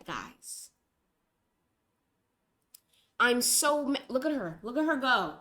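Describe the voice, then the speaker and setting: Young woman vlogging, high voice, rambly and dramatic, bright and slow. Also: very animated. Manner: rambling, dramatic, self-mocking. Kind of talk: casual rambling vlog.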